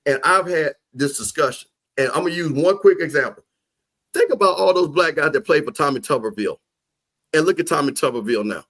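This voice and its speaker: Emphatic high-voiced man. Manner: emphatic, preachy, repeats himself, drops into low asides. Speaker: podcast guest, HBCU football commentator. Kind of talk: animated sports talk.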